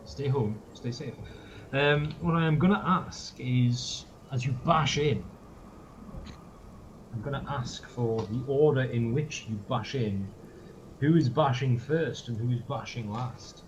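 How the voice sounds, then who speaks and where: Dry-humored game master, muffled noisy line. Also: male voice, medium pitch, a little slow. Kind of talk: narrating a tabletop game. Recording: dull, noisy online call audio.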